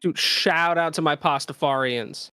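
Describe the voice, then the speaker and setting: A woman co-hosting a casual stream chat, swearing freely and laughing between quick bits of banter. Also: low voice, sharp tone, clear, resonant tone, no room sound, clean studio sound. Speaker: podcast co-host.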